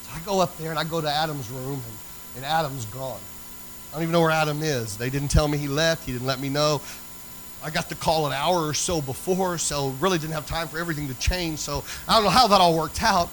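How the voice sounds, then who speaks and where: Animated preacher, high bright voice. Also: male voice, brisk, slight background noise, poor audio. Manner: animated storyteller acting out dialogue. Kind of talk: sermon storytelling.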